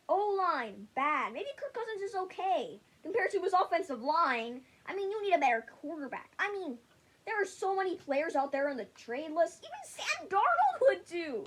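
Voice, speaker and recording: A woman with a very high, bouncy voice that climbs and dips all through a loose, blunt rant about sports. She rambles, stumbles and restarts her sentences often, and she never softens her verdicts. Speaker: sports vlogger. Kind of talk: casual sports opinion rant.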